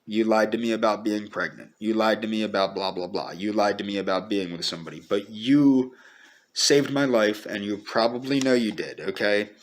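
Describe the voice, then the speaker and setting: A man speaking a personal video message to the camera, earnest and pleading, halting and repeating himself as he holds back tears. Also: fairly low pitch. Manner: halting and repetitive, restarting sentences. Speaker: vlogger.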